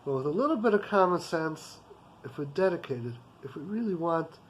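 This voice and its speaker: A man with a notably high voice tells a moral story as a lesson. He speaks earnestly and steadily, in the manner of a teacher. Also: lively intonation, normal speed, a little hiss or hum. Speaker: Torah teacher.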